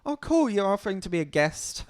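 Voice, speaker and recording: Man, livestream host, casual commentary, smooth clear voice, blunt, sardonic, swears, halting restarts. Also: sits high, very animated, no room sound, studio quality.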